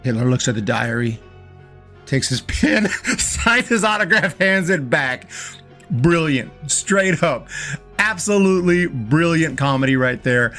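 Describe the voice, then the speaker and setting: A man's voice: fairly high pitch, expressive, measured pace, a bit bright, soft background music. A man giving a casual, enthusiastic film review, often stumbling and repeating words as he talks. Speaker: movie reviewer.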